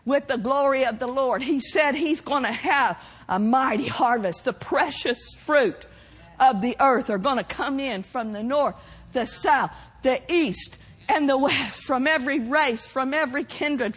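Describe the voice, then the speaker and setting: A woman preaching a fervent sermon, shouting proclamations and exclaiming hallelujah. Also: high-pitched, measured pace, slightly rough, big-room sound.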